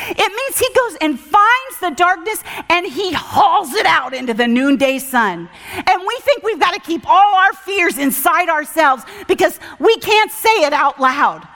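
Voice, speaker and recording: A middle-aged woman giving a sermon with personal testimony, earnest and emphatic, moving from loud emphasis to hushed tones. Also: very high voice, long reverb tail. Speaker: guest speaker at church session. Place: church hall.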